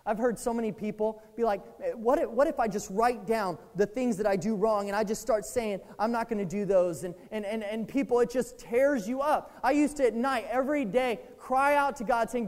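A young adult preacher giving a sermon, animated, acting out past prayers and thoughts. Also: mid-range voice, normal speed, hardly any pauses. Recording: long reverb of a large hall.

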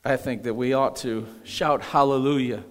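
A man's voice: medium pitch, fairly even intonation, normal speed. A man preaching a sermon as pastor, emphatic and calling on the congregation to respond. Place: church sanctuary. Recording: echoey hall.

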